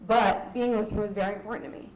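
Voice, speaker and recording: A woman's voice: medium pitch, fairly even intonation, very fast, a little mellow, a little hiss or hum. A young woman from Southern California giving a candid, emotional personal talk at a conference, with a laugh now and then. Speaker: conference speaker. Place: conference hall. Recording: echoey hall.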